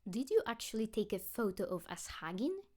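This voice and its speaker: A woman's voice: medium pitch, sing-song, a little fast, a little mellow. Worn-out teen boy putting on a happy face, a woman reader voicing him. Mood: strained. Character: teenage boy, exhausted, forcing cheerfulness.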